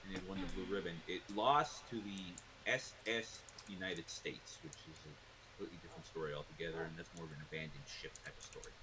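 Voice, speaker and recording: A man's voice: deep voice, expressive, a little fast, noisy background. A man casually telling a rambling, laid-back story to a co-host. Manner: rambling, laid-back, uses fillers like blah blah blah.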